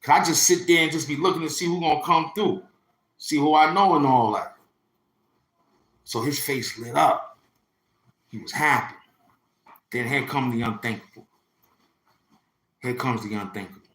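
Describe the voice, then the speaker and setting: A man's voice: mid-range voice, normal speed, pauses often, a bit bright, roomy sound. A man, telling a personal story in a rambling, slangy way that keeps circling back. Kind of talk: casual storytelling.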